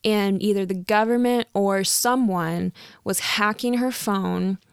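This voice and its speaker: A woman's voice: medium pitch, takes it slowly, vocal fry, smooth, dry recording, clean studio sound. A young woman, a real estate agent, telling a story in a casual vlog, chatty with lots of fillers and frequent laughs.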